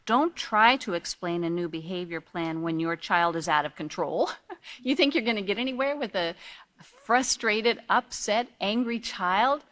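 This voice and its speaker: A woman's voice: mid-range voice, animated, normal speed, fairly bright tone. A woman leads a training course on raising children, speaking earnestly and patiently. She keeps asking her listeners questions to pull them along. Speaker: character education trainer.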